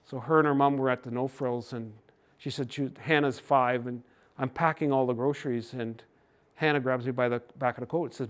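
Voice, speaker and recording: An older Canadian man giving a gentle, folksy storytelling talk to a hockey team. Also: medium pitch, steady tone, fairly quick. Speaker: speaker on cultural mindfulness.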